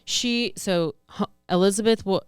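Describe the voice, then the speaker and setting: A woman's voice: medium pitch, normal speed, smooth, no echo, clean studio sound. A woman co-hosting a podcast, chatting casually about true-crime news in a rambling, self-correcting way. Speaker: podcast co-host.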